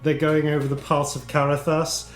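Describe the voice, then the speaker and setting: Male player, fairly high voice, hesitant; roomy echo. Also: little pitch movement, normal speed, faint music behind. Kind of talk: casual tabletop play.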